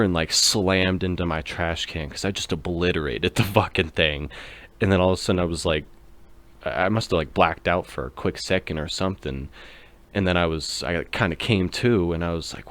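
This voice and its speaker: A man's voice: low-pitched, moderate pace. A young man in his twenties, hosting a podcast and telling a rambling drinking story in casual, profane talk full of fillers. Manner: loose and profane, lots of fillers. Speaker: podcast host.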